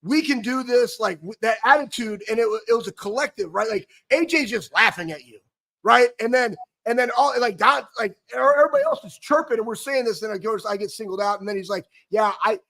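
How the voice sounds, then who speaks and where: High-voiced man telling animated sports stories. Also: fast talker. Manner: animated, rambling with restarts and laughs. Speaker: co-host, former football player. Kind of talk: casual sports talk storytelling.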